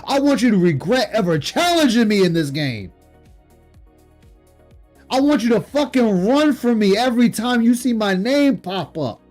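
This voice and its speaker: High-voiced man on a profane stream rant. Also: lively intonation, moderate pace, faint music behind. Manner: profane, scornful, shouting in bursts. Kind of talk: heated late-night stream rant. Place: home streaming setup.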